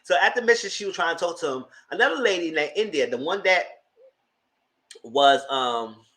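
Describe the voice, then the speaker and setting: A man talks through a reality show episode in a loose, chatty recap. His voice is bright and edged, and it swings widely in pitch, leaping high whenever something strikes him as unbelievable. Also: normal speed. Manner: animated, incredulous retelling with sudden high exclamations. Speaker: TV recap vlogger. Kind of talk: casual recap commentary.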